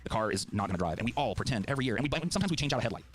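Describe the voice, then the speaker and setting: A man's voice: mid-range voice, lively intonation, rapid-fire, soft background music. A middle-aged man in a heated political debate, speaking passionately and swearing freely. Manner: fiery, profane, heartfelt. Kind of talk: impassioned debate.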